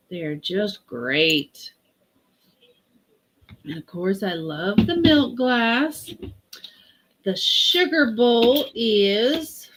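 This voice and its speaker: Lady running a live vintage sale, super slow talker, chatty, reads off measurements. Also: fairly high pitch. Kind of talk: live-stream sales pitch.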